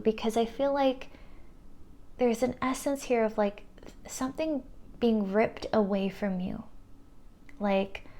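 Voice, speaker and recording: Woman, tarot reader, unhurried delivery, earnest, filler-heavy, middle-pitched. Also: gravelly. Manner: soft and earnest, many "like" fillers. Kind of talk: intuitive pick-a-card reading.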